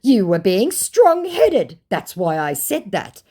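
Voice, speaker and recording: A woman voicing a cocky young male online scammer in a slow, exaggerated, mocking way. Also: mid-range voice, wildly swooping pitch, dark tone, slightly rough, pitched above the performer's own voice, exaggerated voice. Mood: pushy.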